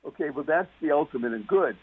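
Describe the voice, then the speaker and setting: A man's voice: fairly high pitch, lively intonation, quick pace, husky. A man talking as a guest on a talk radio show, emphatic and repeating key words for stress. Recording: muffled phone-line radio sound.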